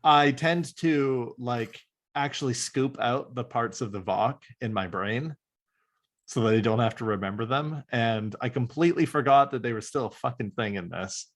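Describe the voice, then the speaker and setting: A man's voice: mid-range voice, moderate pace. A man co-hosting a comic book podcast, chatting casually, laughing often and acting out characters in silly voices. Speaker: podcast co-host. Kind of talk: casual comic review chat.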